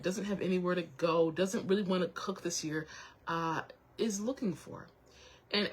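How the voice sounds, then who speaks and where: A young woman hosting her own show, talking to viewers while close to tears, halting with many restarts and apologies. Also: fairly low pitch, a bit bright, slightly rough. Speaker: show host. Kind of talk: emotional personal talk to viewers.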